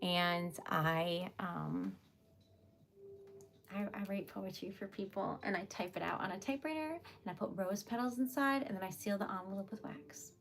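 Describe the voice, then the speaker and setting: A woman livestream host and poet chatting casually and giggling often, with scattered, unhurried talk. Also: medium pitch, a bit bright. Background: typewriter clacking.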